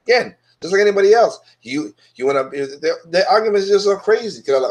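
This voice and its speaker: A man's voice: sits high, expressive, fast, hardly any pauses. A man hosting his own opinion show, talking bluntly and dismissively in a casual monologue that is full of restarts.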